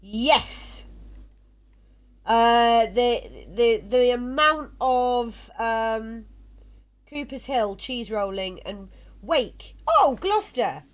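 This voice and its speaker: A woman's voice: fairly high pitch, expressive, slow pace. A tired woman streaming a game live, chatting in a rambling way with fillers and laughs. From South West England. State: yawning, tired. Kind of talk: casual live gameplay chat.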